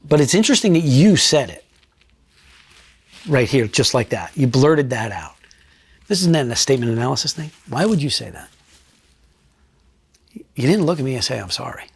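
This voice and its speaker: A middle-aged retired state trooper from New Jersey telling a case story in an interview, blunt and profane, dropping low and quiet for emphasis. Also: male voice, very animated, normal speed, long pauses, breathy edge.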